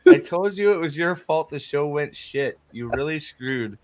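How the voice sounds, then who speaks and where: A middle-aged man from California chatting casually as a streamer and podcast host, excitable and profane, rambling with many restarts. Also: fairly high pitch, moderate pace, crowd noise. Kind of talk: casual chat.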